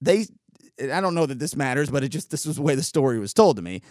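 A man hosting a show, telling a story in a sarcastic, animated way with quick asides. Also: a little high, dry recording, clean studio sound. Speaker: podcast host. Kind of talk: casual storytelling monologue.

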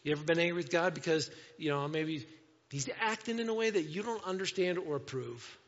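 A man preaching a sermon to a congregation, animated, often acting out voices in quotes. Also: a little high, a little fast. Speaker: pastor. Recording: dull sound with long hall reverb.

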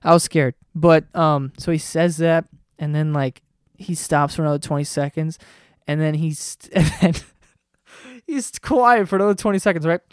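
A man hosting a comedy podcast, telling a story in a casual, excitable way, swearing often and breaking into laughter. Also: fairly high pitch, normal speed, clean tone, no room sound, studio quality.

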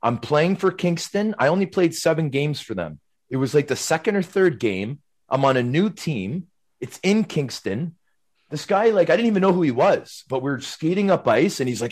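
A middle-aged man, a former hockey player, telling stories casually as a podcast guest, rambling and animated, tagging his sentences with questions. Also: fairly high pitch, moderate pace, husky. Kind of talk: casual storytelling.

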